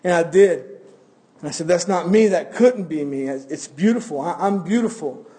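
A frantic, high-strung talking teacup cries out in a raised, pleading voice, as a man puts it on in a sermon story. Its complaints come loud and urgent, pitched well above a man's usual range. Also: normal speed, natural voice. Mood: amazed. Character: anguished talking teacup telling its ordeal.

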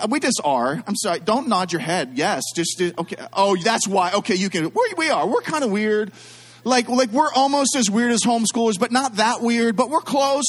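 A middle-aged man preaching to a congregation, telling a story full of asides and jokes aimed at the crowd. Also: sits high. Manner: animated, self-deprecating, jokes with the audience. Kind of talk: storytelling sermon.

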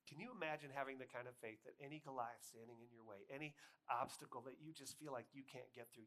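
A man preaching a sermon, telling a story with lively shifts between loud acted-out lines and quiet appeals. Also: mid-range voice, quick pace. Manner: animated storytelling, acting out voices, swings from loud to hushed. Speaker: pastor.

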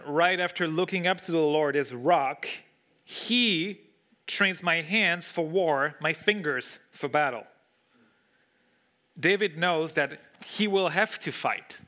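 A man delivers a sermon in English, which is not his first language. His voice is bright and sits slightly high. He explains the text, repeats words for emphasis and puts rhetorical questions to the room. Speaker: preacher. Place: room with a congregation.

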